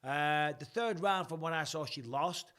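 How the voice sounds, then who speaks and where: A man's voice: on the high side, normal speed, a bit bright. A man in his forties hosting a casual live-stream chat, answering fan questions bluntly, swearing freely and rambling.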